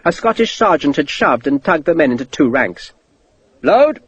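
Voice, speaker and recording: A man narrating an audiobook in a steady, vivid storytelling manner. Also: fairly high pitch, a little fast, husky, poor audio. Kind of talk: scripted narration.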